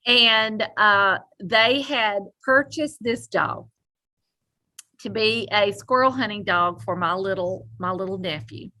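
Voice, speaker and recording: A woman co-hosting a podcast, telling a story in animated casual chat and laughing often. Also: mid-range voice, takes it slowly. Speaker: podcast co-host.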